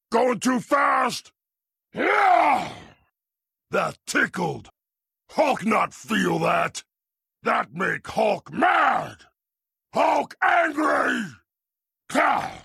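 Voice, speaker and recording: A man's voice: high-pitched, bright, forceful tone, no echo, studio quality, heavily acted. An actor playing a huge green male brute full of rage, roaring in blunt, broken third-person speech for video game voice lines. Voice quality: gravelly roaring voice.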